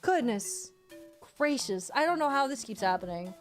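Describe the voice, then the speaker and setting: A woman's voice: a little high, lively intonation, moderate pace. A woman streaming casually as a VTuber, playful and teasing, flaring into mock outrage at her chat. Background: background music.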